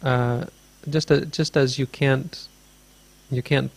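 A man's voice: medium pitch, steady tone, takes it slowly, creaky. A man teaching as a Buddhist teacher, answering a question in a dharma talk with meandering, thoughtful storytelling.

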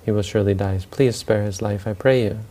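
A man's voice: lowish voice, steady tone, fairly quick, warm tone, natural voice. A man voicing an earnest city man in a spoken story, coaxing and pleading on behalf of a friend.

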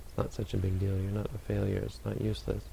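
A man who is a Buddhist meditation teacher, answering audience questions in a calm, unhurried, gently advising way. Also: on the low side, creaky, a little hiss or hum, poor audio.

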